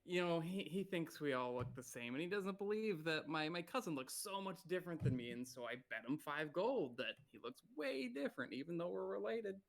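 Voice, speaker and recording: A giggly elf man puts on a drunken act, stumbling over words in a raised, bouncy voice, as a man plays him. The halting, lost tone fits a tabletop role-play scene. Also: on the high side, lively intonation, vocal fry, pitched above the performer's own voice. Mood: faux drunk. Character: male elf feigning a drunk, lost cousin.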